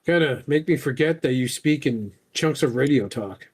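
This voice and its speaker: A man hosting a podcast, chatting casually, excitable and jokey with lots of swearing. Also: mid-range voice, normal speed, slightly rough. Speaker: podcast host. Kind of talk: casual chat.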